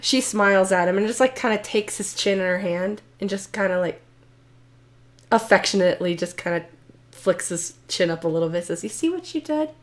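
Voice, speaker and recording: A woman playing a tabletop game, chatty and quick to laugh. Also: mid-range voice, steady tone. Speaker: player.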